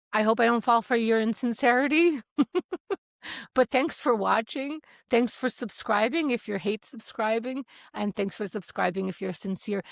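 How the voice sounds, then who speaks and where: A woman in her fifties talks to camera about her past, candid and wry, often pausing and hedging with fillers. Her fairly high voice has a gravelly fry running through it. The sound is dry and close, with no room echo. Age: 50s. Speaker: vlogger. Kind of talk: reflective personal storytelling.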